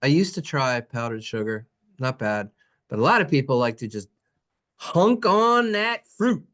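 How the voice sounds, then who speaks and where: Playful, animated Hebrew teacher. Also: medium pitch, a little fast. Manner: animated, jokey, singsong. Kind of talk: playful Hebrew lesson narration.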